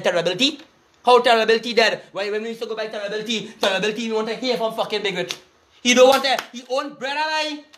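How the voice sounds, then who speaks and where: A vlogger with a Trinidadian accent delivers an angry, profane street rant in heavy Creole dialect, cursing and making threats. His voice is extremely high-pitched, bright, and forceful.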